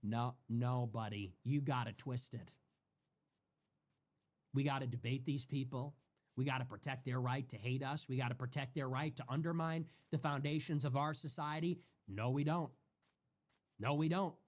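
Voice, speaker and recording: A man's voice: mid-range voice, steady tone, moderate pace. A man hosting a livestream, ranting in a heated, profane way and repeating himself for emphasis. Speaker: livestream host. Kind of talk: heated solo livestream rant.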